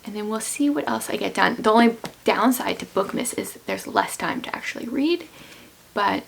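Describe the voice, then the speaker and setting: Hoarse, gravelly woman chatting about books. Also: medium pitch, lively intonation, moderate pace, a little hiss or hum. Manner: chatty, rambling, offhand. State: losing her voice, hoarse. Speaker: book vlogger. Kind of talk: casual book chat.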